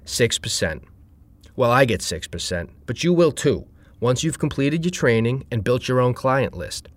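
A man's voice: expressive, moderate pace, no room sound, lightly acted. Man doing a chirpy young saleswoman, upbeat, relentless, raised voice, dry close sound. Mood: cheerful pitching. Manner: perky sales pitch, raised pitch.

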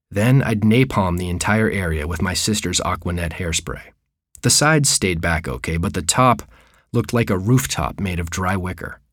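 A man's voice: low voice, no room sound, studio quality. Wry man reading a memoir. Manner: wry, deadpan humor. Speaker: storyteller. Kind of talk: reading a personal memoir story aloud.

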